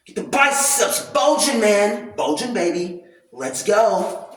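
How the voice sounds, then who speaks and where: A man ranting loudly and animatedly in casual commentary, swearing freely. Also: high voice, slow pace, slight background noise. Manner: loud, animated, profane ranting. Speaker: commentary vlogger. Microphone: camera mic at a distance, no clip-on mic. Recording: very echoey room, voice far from mic.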